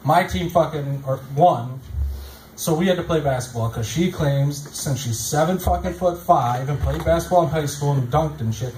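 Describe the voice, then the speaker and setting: A man's voice: fairly high pitch, moderate pace, darkish tone. A man performing a stand-up comedy set in a small club, telling crude, profane stories and acting out quotes. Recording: echoey club with audience noise.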